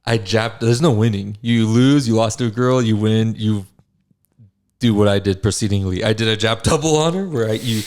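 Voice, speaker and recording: A man's voice: on the low side, normal speed, a little mellow. A young adult man hosting a podcast, telling stories in casual chat, swearing freely and laughing as he talks. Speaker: podcast host.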